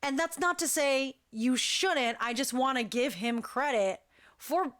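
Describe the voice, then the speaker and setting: A woman who directs a dance crew, telling an animated, chatty story full of "like" fillers. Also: high voice, unhurried. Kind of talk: casual storytelling.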